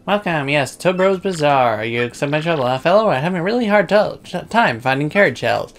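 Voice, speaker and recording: A man casually commenting on his gameplay, thinking out loud with frequent ums. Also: fairly high pitch, expressive, fairly quick, slight background noise. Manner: laid-back, thinking out loud with many ums. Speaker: let's play host. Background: game music.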